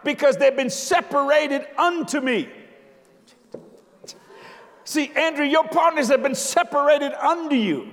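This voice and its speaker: An older man preaches in a strikingly high voice, joking with the crowd and hammering his points home with sudden shouts. His words ring out with a long reverb, as if recorded across a large church hall. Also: measured pace, pauses often. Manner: emphatic, jokey preaching with sudden shouted lines. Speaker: visiting preacher. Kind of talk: sermon.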